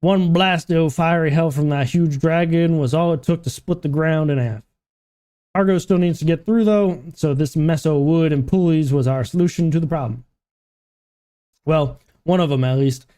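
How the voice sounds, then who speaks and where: A man voicing a gruff, overworked male dockside foreman who speaks in rough, old-fashioned dialect while reading game dialogue aloud. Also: a little high, normal speed, warm tone, pitched above the performer's own voice, lightly acted. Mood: grumbling.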